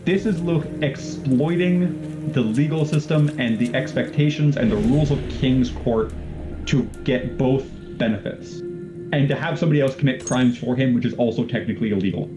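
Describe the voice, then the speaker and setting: A man's voice: mid-range voice, moderate pace, over music. A man co-hosting a reaction stream as a historian, retelling a legend in casual, rambling chat full of fillers and restarts.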